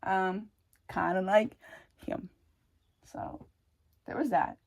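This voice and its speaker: A young woman telling her own story in a casual, rambling way, swearing often, breaking off mid-thought and adding wry dark humor. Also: mid-range voice, slow pace, creaky. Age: young adult. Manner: rambling and frank, swears often, self-interrupting.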